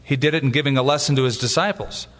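A man preaching a sermon as a pastor, animated and joking, acting out little asides. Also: medium pitch, quick pace, big-room sound.

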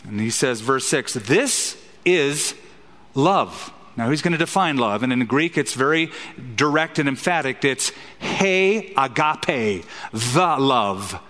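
Pastor preaching in a reverberant hall. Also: male voice, medium pitch, lively intonation, slow pace, fairly bright tone. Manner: emphatic, asks rhetorical questions. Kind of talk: expository sermon.

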